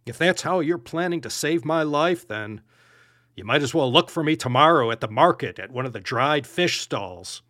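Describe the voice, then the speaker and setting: A man's voice: fairly high pitch, expressive, normal speed, bright, forceful tone, no echo. A man voicing a desperate little male carp stranded in a dry rut, begging in a breathless, pleading way. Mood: furious.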